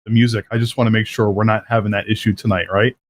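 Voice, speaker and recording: A man's voice: lowish voice, little pitch movement, fast talker. A man hosting a live talk show, who chats casually, jokes and laughs often, and talks in loose restarts. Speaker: host. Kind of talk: casual chat. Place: South Florida.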